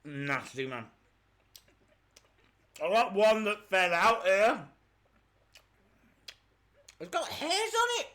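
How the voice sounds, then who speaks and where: A man's voice: sits high, very animated, takes it slowly, long pauses, bright, forceful tone. A man hosting a live stream, groaning and exclaiming in disgust as he talks through a full mouth. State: mouth full while talking.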